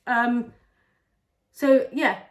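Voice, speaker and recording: A woman's voice: on the high side, steady tone, drawn-out words. A woman and mother talking to camera in a casual vlog, candid and confiding as she chats through her week. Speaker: vlogger and mother.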